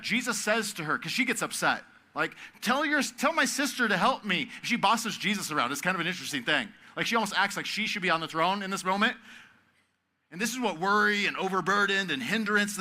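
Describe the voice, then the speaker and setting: A man giving a sermon at a youth camp. He talks in a conversational way and swings from loud, emphatic stretches to soft, hushed ones. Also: high-pitched. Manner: conversational, asks the audience to repeat words.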